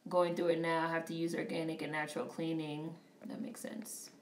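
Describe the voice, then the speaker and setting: A woman on a casual live stream who reads viewer comments aloud and reacts to a film in a blunt, profane, animated way. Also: low-pitched, normal speed, far from the mic, a little hiss or hum. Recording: roomy, off-mic sound.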